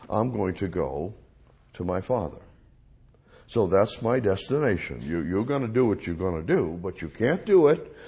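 Male Bible teacher, gravelly and unhurried; reads a verse, then repeats it in plain words. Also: on the low side, a little mellow.

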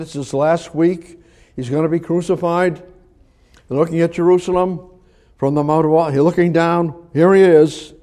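A man preaching a sermon in a conversational way, asking the listeners questions and chuckling now and then, moving between emphatic lines and hushed ones. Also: a little high.

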